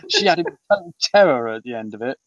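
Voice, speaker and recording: A man's voice: mid-range voice, very animated, brisk, fairly bright tone, dry recording. A British man in his fifties, an author being interviewed, talking in a rambling way with many ums and restarts. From Britain. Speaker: author guest. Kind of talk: casual interview chat. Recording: muffled, distant and dry.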